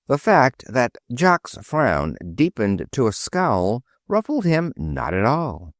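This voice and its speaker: A man narrating an audiobook with expressive storytelling. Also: medium pitch, slow, hardly any pauses, no room sound, studio quality. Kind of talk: scripted narration.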